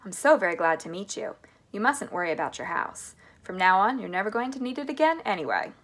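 A breezy, grand old candy maker who owns a whole factory, read by a woman. He talks in a brisk storybook way, with a voice that swoops widely and often drops into a gravelly fry. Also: mid-range voice, animated, a bit bright. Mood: jovial. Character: eccentric old male candy-factory owner.

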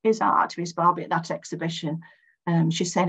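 A woman's voice: low-pitched, steady tone, moderate pace, creaky, fairly bright tone, breathy edge, lo-fi sound. Chatty woman telling gallery stories. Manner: chatty storyteller, frequent restarts, acts out quoted voices. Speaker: academic art activist giving a talk. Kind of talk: anecdotal slide talk.

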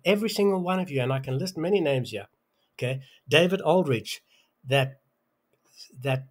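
A man with a fairly high voice lectures on calculus, but keeps breaking into furious insults. He stumbles and restarts, and his pitch jumps up as he rails at his critics. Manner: abusive, insulting, pitch rising in outbursts; hesitant restarts, repeated "okay?". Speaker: self-styled math lecturer. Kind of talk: angry math rant over a worked example.

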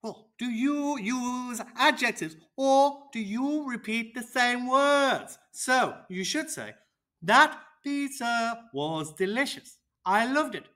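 A cheerful, confident speaking coach for kids, played by a performer, talking slowly and deliberately. The pitch bounces up and down with plenty of life. The tone is bright and clear. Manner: slow, deliberate, teacherly, with lively pitch. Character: cheerful, confident teacher character. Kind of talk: children's educational roleplay.

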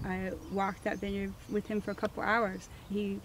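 Animated woman telling her story. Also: medium pitch, normal speed, slight background noise. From Missouri. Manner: animated storyteller, acts out quoted dialogue. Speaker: winemaker, guest. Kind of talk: interview storytelling.

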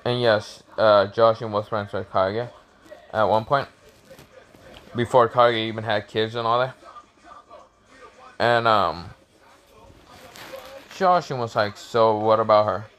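A young man improvises a fan story in a rambling, profane way, full of fillers and restarts. His voice sits low and his delivery is slow and unhurried. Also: fairly bright tone.

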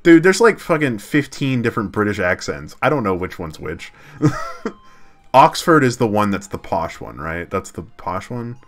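A man's voice: lowish voice, sing-song, a little slow. A man chatting casually on a game live stream, laughing and self-deprecating, with lots of fillers.

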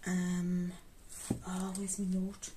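Geordie woman, self-mocking and chatty, slightly low voice, audible background noise. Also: monotone, slow pace. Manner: chatty, self-mocking, talks to herself while counting. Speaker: budgeting vlogger. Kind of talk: casual chat while counting cash. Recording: clear background noise with rustling notes.

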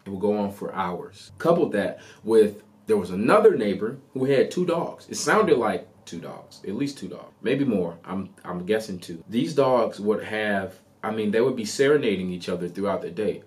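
Deep-voiced man telling a story. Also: moderate pace, few pauses. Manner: conversational, animated retelling with asides. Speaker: podcast host. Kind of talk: casual storytelling monologue.

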